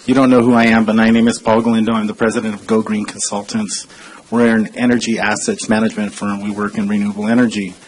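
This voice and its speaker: A man's voice: fairly low pitch, little pitch movement, quick pace, a little hiss or hum, poor audio. A man in his forties giving an earnest public comment speech at a council chamber podium, conversational and full of hesitations. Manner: conversational and earnest, frequent uh fillers. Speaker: consultant speaking at public comment.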